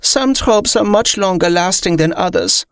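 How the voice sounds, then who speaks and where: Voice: mid-range voice, expressive, moderate pace, fairly bright tone, smooth, no echo, studio quality, voice pushed up. A reader voicing a haughty, predatory female vampire with a disdainful drawl.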